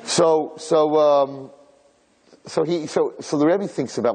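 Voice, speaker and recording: Man, rabbi, storytelling Torah lecture, husky, slightly high, hall reverb, animated and repetitive. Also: moderate pace. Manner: animated storyteller, repeats words, rises to shouts at the climax. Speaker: rabbi giving a Torah class.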